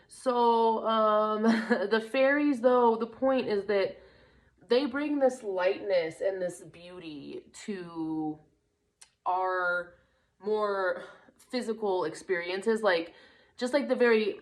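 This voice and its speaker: A young woman reading tarot in a casual vlog, rambling and searching for words, with a runny nose. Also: medium pitch. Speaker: tarot card reader. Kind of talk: casual spiritual vlog talk.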